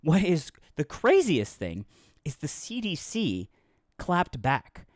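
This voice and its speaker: A man's voice: a little high, huge pitch swings, slow pace, no room sound. A man on a podcast delivers a rambling, mock-serious story with a voice that swings widely up and down, often breaking into laughter. The sound is close and completely dry, with no room around it. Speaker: podcast co-host. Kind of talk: casual comedic podcast chat.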